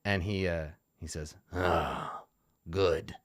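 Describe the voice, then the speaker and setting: A deep-voiced man narrates a tabletop game as game master, stumbling through fillers as he goes. The sound is close and dry. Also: fairly even intonation, fairly bright tone, no room sound. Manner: halting, filler-heavy narration with laughs.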